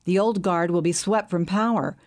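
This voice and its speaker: Woman reading a smooth bank boss, calm and soothing, lowish voice. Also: normal speed, natural voice. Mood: assured. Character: smooth scheming middle-aged male bank chief.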